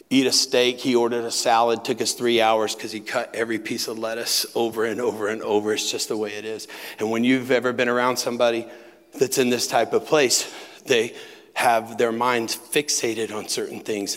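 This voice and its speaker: Man, pastor, sermon, storytelling, asides, reverberant retreat hall. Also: medium pitch. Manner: conversational, storytelling, emphatic asides. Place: retreat center meeting hall.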